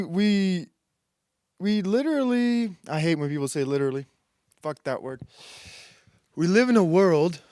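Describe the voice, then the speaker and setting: Crude sarcastic male host, rambling rant, slightly high voice, dry close sound. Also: darkish tone, clear, resonant tone, no room sound. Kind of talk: comedic commentary monologue.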